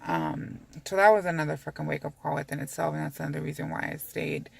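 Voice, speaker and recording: Creaky-voiced woman vlogging from her car. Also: low voice, fairly even intonation, fast, dry recording. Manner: rambling and candid, swears freely. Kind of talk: casual chat to camera. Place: inside a parked car.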